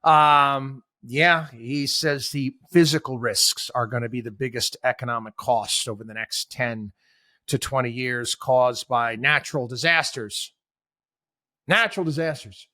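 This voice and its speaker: A man's voice: mid-range voice, fairly even intonation, a little slow, pushed and bright, dry recording, clean studio sound. A man hosting a talk show, giving sarcastic, exasperated commentary full of rhetorical questions. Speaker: host. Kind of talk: opinionated talk radio commentary.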